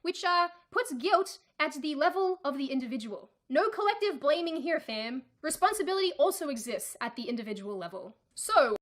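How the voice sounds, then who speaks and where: A woman with a high voice gives opinion commentary from a video. She lectures in a wry tone. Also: expressive, moderate pace, few pauses, fairly bright tone.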